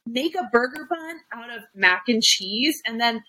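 A woman's voice: fairly high pitch, expressive, a little slow, pushed and bright, poor audio. A young adult woman hosting a podcast, chatting casually with lots of fillers and restarts. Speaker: podcast host. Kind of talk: casual chat.

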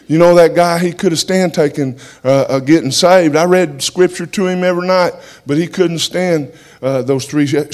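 A man giving a church testimony, telling his story in an animated way and punctuating it with "amen" as he speaks. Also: fairly high pitch.

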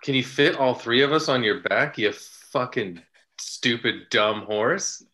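A man plays a crude, domineering man with a bright, forceful voice that swears freely. He is blunt and commanding, bossing others around in an improvised comedy sketch. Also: mid-range voice, unhurried. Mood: aggressive.

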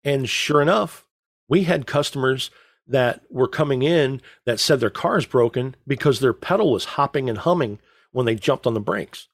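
A middle-aged man chats as a podcast co-host, drifting through long anecdotes and slipping deadpan jokes in. His voice sits at a middle pitch. The sound is dry and close to the mic. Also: moderate pace, no echo. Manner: rambling storyteller, joking deadpan. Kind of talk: casual chat.

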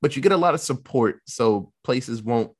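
Male co-host, casual recap, expressive and animated. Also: mid-range voice, normal speed, breathy edge. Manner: animated storytelling, swearing, mock quoting characters. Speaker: podcast co-host recapping a film. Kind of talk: casual chat.

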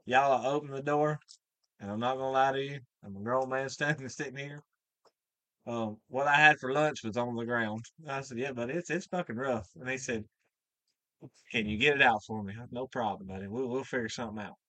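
A man's voice: mid-range voice, fairly quick, a bit bright, no room sound. A man, a mechanic guest, telling a folksy, profane story in casual chat.

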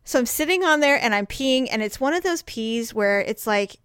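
A woman with a somewhat high voice tells a story in casual chat. She is animated and jumps into shrieks when she acts out a scare. The sound is dry and close. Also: moderate pace, smooth, no echo.

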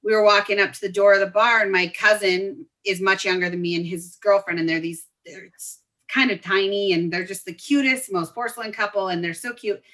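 A chatty woman in her forties from Colorado, sharing stories as a guest in a casual talk. Her voice is bright and forward, with an easy, lively way of speaking. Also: mid-range voice, a little fast. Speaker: podcast guest. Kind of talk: casual storytelling chat.

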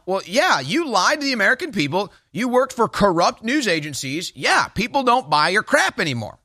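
A male talk host with a bright, forceful tone, talking fast and sarcastically. The sound is dry and close, with a slightly high voice. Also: very animated, no echo. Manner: mocking, sarcastic mimicry. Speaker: political talk show host. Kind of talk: opinionated commentary.

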